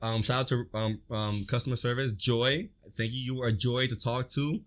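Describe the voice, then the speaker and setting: A young man co-hosting a casual podcast chat, telling animated stories full of slang and cursing. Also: mid-range voice, normal speed. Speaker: podcast co-host.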